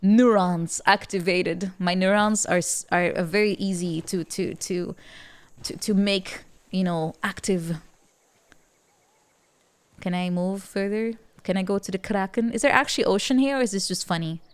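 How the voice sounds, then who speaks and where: A woman's voice: mid-range voice, fairly even intonation, normal speed, clear, resonant tone. A woman streaming a strategy game, chatting playfully and reacting animatedly, often repeating words as she stammers and laughing between remarks. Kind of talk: casual live game-stream chat.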